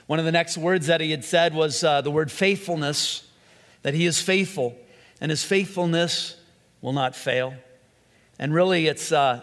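A man's voice: on the high side, fairly bright tone. Earnest male preacher in a reverberant hall. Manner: earnest, with slow emphatic phrases and frequent restarts. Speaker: pastor. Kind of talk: sermon.

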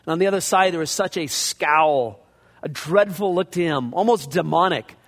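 In a conversational expository sermon, a pastor goes verse by verse and acts out scripture passages in character. His voice is on the high side and fairly bright, at a moderate pace, with a large hall's long reverb around it.

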